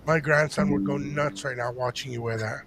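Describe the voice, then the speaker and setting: A man's voice: medium pitch, a little fast, a little hiss or hum. An older man telling a story in casual chat on a podcast, acting out the voices of the people in it. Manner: animated storyteller acting out quotes. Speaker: podcast co-host.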